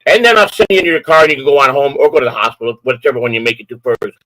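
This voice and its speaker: A man's voice: medium pitch, racing, fairly bright tone, dry recording, poor audio. Profane older man ranting. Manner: profane, threatening, repetitive. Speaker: live-stream host. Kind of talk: angry live-stream rant.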